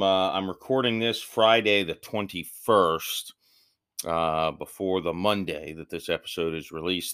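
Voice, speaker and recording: A man's voice: sits low, fairly bright tone, clean tone. A man hosting a podcast, talking through a casual solo intro in a rambling, loose and self-deprecating way. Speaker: podcast host.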